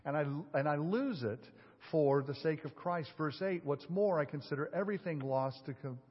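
A male pastor delivers a sermon to his congregation, pressing them with rhetorical questions and dropping from loud emphasis to a hush. His voice is husky, and the recording is dull, with a long reverb trailing through the sanctuary. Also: on the high side, normal speed.

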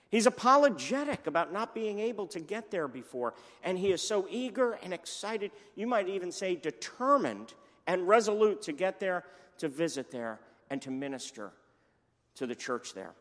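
Animated male preacher in echoey hall. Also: sits high, moderate pace. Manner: energetic, animated preaching with humor. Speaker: pastor. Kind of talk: sermon. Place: church sanctuary.

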